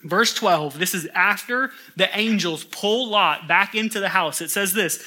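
Pastor, male, high and very bright voice, lively preaching with scripture reading. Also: a little slow, hardly any pauses. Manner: animated, incredulous asides, voices characters when reading.

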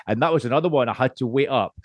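Scottish male podcast guest, mid pitch, rambling and sweary, very dry close mic. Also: racing, dry recording, highs cut off. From Scotland. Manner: rambling, swears freely, laughs often. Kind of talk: casual podcast chat.

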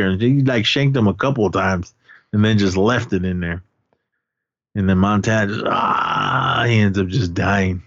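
A man's voice: fairly low pitch, normal speed, dry recording, lo-fi sound. Rambling man recapping a movie. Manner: rambling retelling with acted-out quotes and filler words. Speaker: podcast co-host. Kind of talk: casual movie recap chat.

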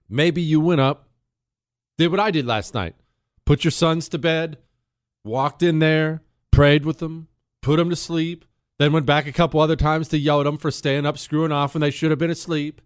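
A male radio host delivers a dramatic monologue into a studio mic, dropping to a hush and then pressing hard. His voice sits a little high, and the sound is dry and close. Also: normal speed, no room sound. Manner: dramatic storytelling, shifting between hushed and emphatic. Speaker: radio talk show host. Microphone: studio microphone.

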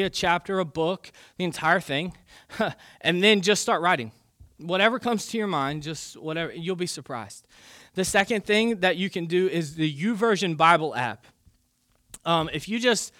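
A man's voice: a little high, bright, forceful tone, dry recording, studio quality. A man preaching a conversational sermon in a casual, chatty way, often saying "man" and "like".

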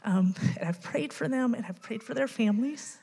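A woman's voice: fairly high pitch, animated, normal speed, vocal fry, mellow, slightly rough, long reverb tail. A woman in her late thirties giving an earnest church testimony with many ums. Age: late 30s. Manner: earnest, many ums, emotional toward the end. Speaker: youth ministry volunteer sharing a testimony.

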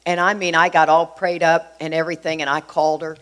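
A woman's voice: low voice, little pitch movement, fast talker. Middle-aged woman, earnest storyteller, chatty with lots of fillers, sharing her recovery story. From Houston, Texas. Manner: heartfelt, earnest, conversational with many fillers. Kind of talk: personal storytelling talk.

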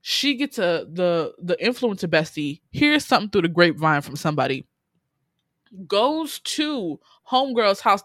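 Animated woman recapping a show, dry sound. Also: mid-range voice, dry recording. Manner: animated, swearing, exasperated storytelling with quoted reactions. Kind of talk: casual chat recapping a TV series.

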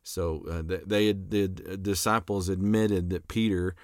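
A man's voice: low-pitched, steady tone, unhurried, a little mellow, no echo, clean studio sound. Casual man lecturing on scripture. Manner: conversational with frequent fillers and restarts, reads scripture aloud. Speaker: apologetics lecturer.

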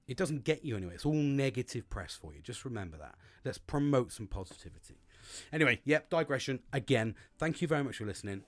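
A man's voice: medium pitch, animated, fast. A man hosting his own talk show, chatting casually and swearing a lot as he acts out his own thoughts. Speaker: podcast host. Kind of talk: casual monologue.

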